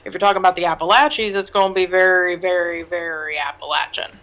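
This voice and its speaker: A man's voice: high-pitched, steady tone, quick pace, sharp tone. A man playing a tabletop game, explaining things and asking careful rules questions. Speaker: player. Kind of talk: casual chat at a game table.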